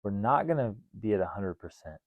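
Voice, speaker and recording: A man's voice: lowish voice, animated, a little fast, no room sound, phone-quality sound. A man hosting a podcast, talking casually and acting out his own self-talk in quoted voices. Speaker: podcast host.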